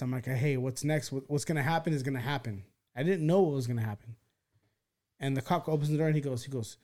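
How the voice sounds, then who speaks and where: A man's voice: on the high side, brisk. A man on a podcast telling a wild story in rambling, profane casual talk, full of restarts and acted-out quotes. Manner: animated, acts out quoted voices.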